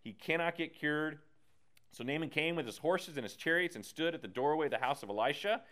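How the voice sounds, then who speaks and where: A man leading a casual Bible study, animated and slangy, acting out the characters as he teaches. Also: a little high, a little fast. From United States.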